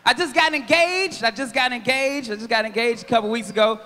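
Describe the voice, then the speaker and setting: A man in his thirties doing a stand-up comedy set on a theater stage, loud and animated, shouting his punchlines. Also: very high voice, brisk. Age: 30s. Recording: long theater reverb.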